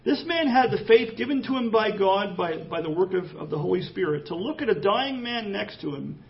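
A man preaching a sermon in a high, gravelly voice. He reads scripture aloud and drives the points home with rising emphasis. The recording sounds dull and lo-fi. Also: lively intonation, brisk, far from the mic. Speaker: pastor.

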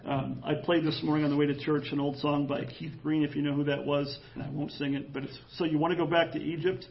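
A man preaching an animated, jokey sermon in church, acting out quoted voices. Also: a little high, a little fast, creaky, lo-fi sound. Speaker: pastor.

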